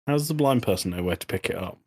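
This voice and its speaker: A man's voice: deep voice, expressive, rapid-fire, darkish tone, husky. A young man from England co-hosting a podcast, swapping jokes and teasing in loose casual banter. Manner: jokey, teasing, swears casually. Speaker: podcast co-host.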